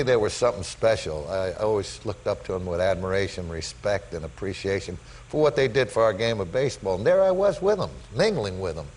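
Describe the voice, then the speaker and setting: An older man, a talk show guest, telling animated stories about his life to the host. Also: on the low side, rough recording. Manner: animated storyteller, voice rising when excited. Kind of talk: storytelling in a talk show interview. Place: television studio with audience.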